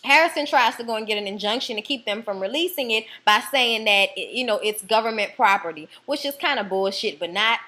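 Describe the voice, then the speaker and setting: A woman with a New Orleans accent giving a casual, profane, animated recap of a TV episode. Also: a little high, a little fast, hardly any pauses. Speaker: TV episode reviewer.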